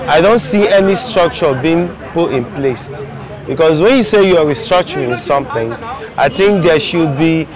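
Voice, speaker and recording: A man gives his opinion in a street interview. His voice is somewhat high for a man. He is hesitant and pauses often with fillers. He is recorded outdoors with clear crowd noise around him. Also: low-quality recording. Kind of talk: street vox pop opinion.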